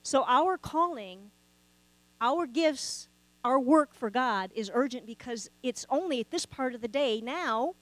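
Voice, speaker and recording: A woman's voice: high voice, fairly bright tone, no echo, rough recording. A woman preaching a sermon, talking conversationally and asking the congregation rhetorical questions. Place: church sanctuary.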